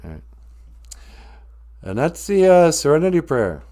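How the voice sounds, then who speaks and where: A man's voice: fairly high pitch, sing-song, a little slow, pauses often, warm tone. A middle-aged man hosting a live stream, talking casually and joking as he teaches Ojibwe words and says a prayer. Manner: joking and rambling, breaks into laughter and prayer.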